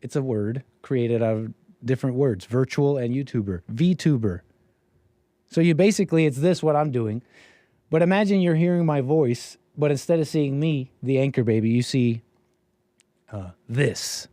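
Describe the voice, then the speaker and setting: A man's voice: mid-range voice, moderate pace, warm tone, dry recording. A man hosting his own livestream, talking in a rambling, sarcastic way with restarts and laughs. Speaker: streamer and show host. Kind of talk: casual livestream monologue.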